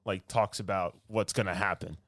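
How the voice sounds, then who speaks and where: A man's voice: deep voice, fairly even intonation, moderate pace, fairly bright tone, no echo, studio quality. A young man co-hosting a podcast in casual chat, ranting sarcastically and laughing mid-sentence as he gets worked up. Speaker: podcast co-host.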